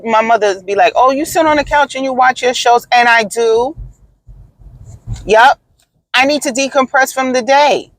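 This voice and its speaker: A woman's voice: mid-range voice, no echo, rough recording. Blunt, profane woman ranting on a podcast. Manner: blunt, profane, emphatic storytelling. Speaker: podcast host. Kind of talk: casual podcast rant.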